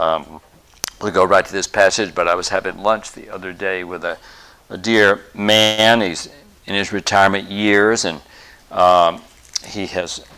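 Male pastor, middle-aged, lowish voice, earnest sermon delivery, filler words, emphatic build-ups. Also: a bit bright. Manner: earnest preaching with many fillers, rising emphasis on key points.

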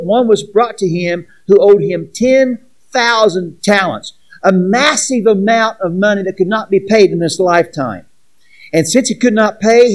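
A man's voice: high-pitched, a little mellow, rough recording. A man preaching a sermon as pastor, earnest, reading scripture aloud with asides to the congregation.

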